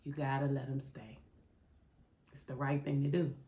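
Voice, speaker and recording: Her very deep, mellow voice stays level at a normal speed as this middle-aged woman hosts a podcast. She gives a raw, heartfelt confessional monologue, calling listeners "y'all," in a recording with roomy echo.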